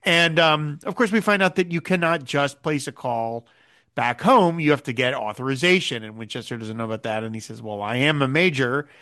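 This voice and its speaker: A man's voice: medium pitch, a little fast. A man hosting a casual podcast chat, recapping a TV episode and acting out the quoted lines with frequent laughs. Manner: animated, acts out quoted lines, laughs often. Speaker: podcast host.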